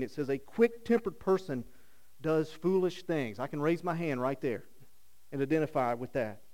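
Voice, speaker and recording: A middle-aged man preaching a sermon, telling stories with rhetorical questions and swinging from loud bursts to hushed lines. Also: medium pitch. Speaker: pastor.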